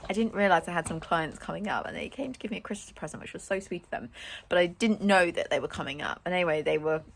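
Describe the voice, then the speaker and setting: Fast, animated and gravelly, a young woman with a lowish voice talks to camera about her day as a riding instructor. Her casual vlog chat is warm-hearted and self-mocking, recorded outdoors with a lot of noise.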